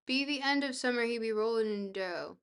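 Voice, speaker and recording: A woman's voice: on the high side, fairly quick, clean tone. A young woman livestreamer chatting casually with her viewers, bubbly, goofy and self-deprecating. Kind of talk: casual chat, reading viewer messages.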